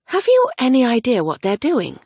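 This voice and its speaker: A woman voicing a young woman in a romance audiobook, lively and wry, in a raised, bright tone. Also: a little high, moderate pace, slightly rough, no room sound, voice pushed up, exaggerated voice. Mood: curious.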